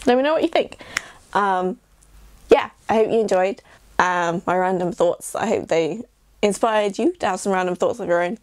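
A woman's voice: mid-range voice, normal speed, no room sound. A young English woman vlogging in a rambling, self-deprecating casual chat. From England. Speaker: YouTuber.

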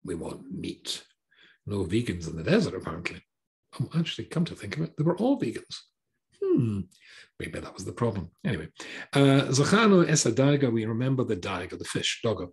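Lively, wry rabbi teaching a text. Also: male voice, on the low side, brisk. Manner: wry asides, sarcastic jokes; hesitant restarts while translating. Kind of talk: Torah class.

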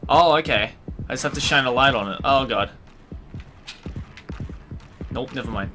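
A young man commentating his own horror game live, talking to himself, swearing and yelling in frustration. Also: medium pitch, normal speed, pauses often, slight background noise. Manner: swears a lot, talks to himself, yells in frustration. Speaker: streamer playing a horror game.

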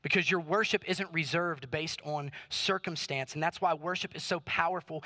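Male pastor, high and piercingly bright, emphatic sermon delivery. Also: fairly quick, few pauses. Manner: emphatic preaching with repeated rhetorical questions. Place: church auditorium.

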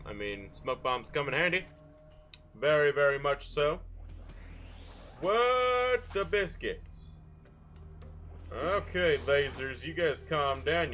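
This gameplay video host is a young man whose mid-range voice sounds pushed and bright. He riffs casually on his game in a goofy way, tossing out plenty of silly, mild exclamations.

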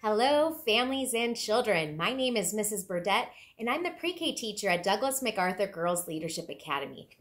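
A woman who teaches pre-K, giving a televised lesson for young children in a playful, animated way and imitating animal sounds. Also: medium pitch, brisk, few pauses. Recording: children's music playing underneath. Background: light children's music.

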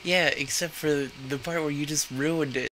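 A man's voice: fairly high pitch, steady tone, normal speed, noisy background. A man from Florida in casual gaming chat, exasperated and swearing at his friends. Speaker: gamer.

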